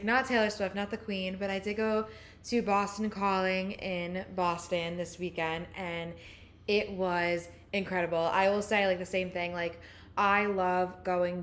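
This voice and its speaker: A young woman co-hosting a podcast in casual chat, easygoing and supportive, often chiming in to agree. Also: medium pitch. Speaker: podcast co-host.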